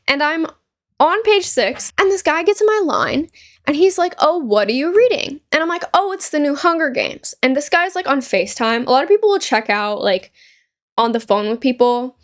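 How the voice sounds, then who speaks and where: A woman's voice: sits high, normal speed. A young woman chatting casually over a gameplay video, rambling through stories with lots of fillers and laughter. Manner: rambling, animated storytelling with frequent "like" and laughs. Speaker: gaming YouTuber; store cashier.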